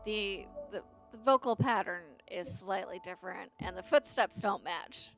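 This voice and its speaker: A woman playing in a tabletop game, playful and quick to laugh at herself. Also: medium pitch, faint music behind. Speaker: player.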